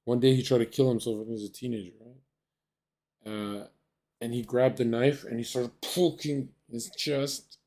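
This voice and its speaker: Crude, animated male streamer telling a story. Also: mid-range voice, normal speed. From Canada. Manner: crude, animated, acts out quoted voices. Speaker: streamer host.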